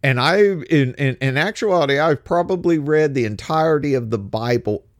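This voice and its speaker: A middle-aged man speaking in a casual spoken monologue, halting with many restarts and rhetorical questions. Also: fairly high pitch, no echo, clean studio sound.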